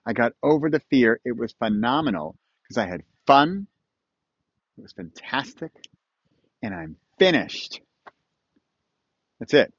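A man hosting a self-recorded motivational monologue, playful and self-mocking, swinging between punchy lines and quiet asides. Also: medium pitch, sing-song, a little slow, vocal fry, pauses often, husky, no room sound, lo-fi sound. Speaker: weekly video host. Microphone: camera mic, self-recorded.

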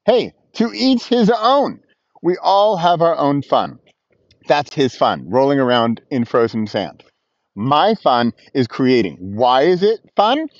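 A man's voice: medium pitch, sing-song, slow pace, no room sound, lo-fi sound. A man talking casually to the camera outdoors, chatty and self-mocking, laughing often. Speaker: vlogger. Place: outdoors on a frosty beach with his dog.

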